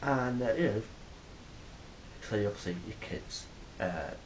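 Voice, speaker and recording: A man's voice: lowish voice, lively intonation, a little slow, slight background noise, rough recording. A man telling stories in a rambling, casual monologue to a phone camera, swearing freely. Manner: rambling, swears freely, acts out quoted exchanges loudly. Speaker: vlogger.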